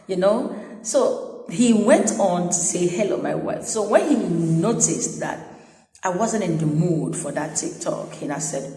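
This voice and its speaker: A woman's voice: fairly low pitch, measured pace, mellow. A woman news anchor, chatting animatedly as she tells a personal story with quoted dialogue. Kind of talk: casual storytelling vlog. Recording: echoey room with long reverb.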